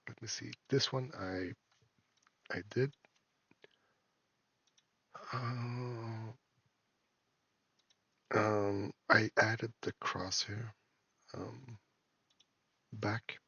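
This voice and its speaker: A man, an indie game developer and a father, talks through his game in a casual devlog, halting and full of fillers and restarts. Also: on the low side, steady tone, vocal fry, bright, forceful tone, husky, no echo, lo-fi sound. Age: adult, a parent. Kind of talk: casual screen-recorded devlog.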